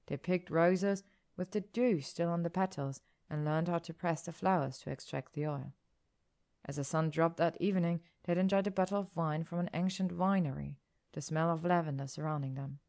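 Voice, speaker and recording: A woman narrating an audiobook story in a calm, even, descriptive manner. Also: low-pitched, gravelly.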